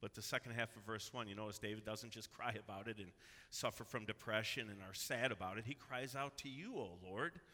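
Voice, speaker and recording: Bright-voiced, emphatic male preacher. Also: fairly low pitch, brisk. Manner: earnest and emphatic, rising to urgent exhortation. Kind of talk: sermon with scripture reading. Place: church sanctuary. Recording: long hall reverb.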